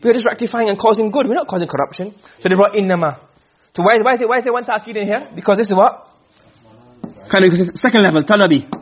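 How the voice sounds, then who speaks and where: A husky, high-pitched male teacher talks fast through a lesson on Quranic rhetoric. He keeps asking questions only to answer them himself. The recording is dull and lo-fi.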